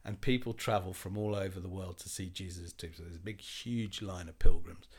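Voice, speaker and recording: A man in his forties telling a story in casual chat, animated and swearing, acting out other people's lines. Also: low-pitched, fairly quick, breathy edge.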